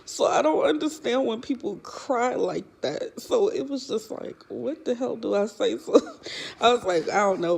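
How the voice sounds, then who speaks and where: Middle-aged woman vlogger, slow gravelly delivery, laughs her way through a casual story. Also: fairly high pitch, darkish tone. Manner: laughs often while telling an exasperated story.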